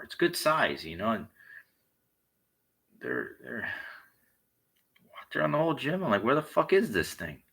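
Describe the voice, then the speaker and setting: A man's voice: mid-range voice, big pitch swings, moderate pace, gravelly, long pauses, bright, forceful tone, husky, poor audio. A man delivering a blunt, heated monologue full of swearing. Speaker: vlogger. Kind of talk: profane monologue rant.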